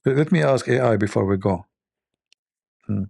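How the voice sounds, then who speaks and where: Host type: husky, low-voiced man, mocking and rambling as he jokes. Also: moderate pace, darkish tone, dry recording, studio quality. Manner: mocking, rambling, thinks aloud. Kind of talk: joking commentary.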